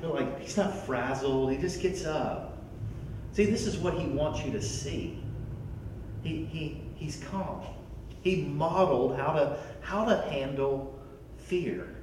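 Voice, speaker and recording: A man preaching a sermon as a pastor, animated and often repeating words as he starts a sentence. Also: medium pitch, very echoey, distant mic, a little hiss or hum, rough recording.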